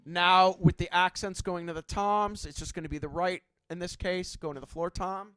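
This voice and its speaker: A man's voice: high-pitched, fairly even intonation, moderate pace, loud music behind the voice. A man teaching a drum clinic in a casual, chatty way, checking in often with his students. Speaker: drum instructor.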